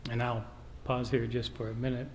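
A man's voice: mid-range voice, flat delivery, moderate pace. A man preaching a sermon, telling a family story and quoting scripture in an earnest way. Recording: reverberant hall, faint background noise.

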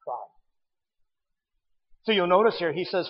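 A man's voice: very high voice, a little slow, long reverb tail, muffled recording. A man preaching a sermon, emphatic and appealing directly to his listeners.

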